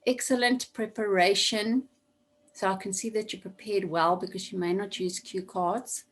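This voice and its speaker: A woman's voice: mid-range voice, steady tone, normal speed, a little hiss or hum. A woman teaching an online class over a video call, explaining a task step by step and repeating key points for emphasis. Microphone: computer mic on video call.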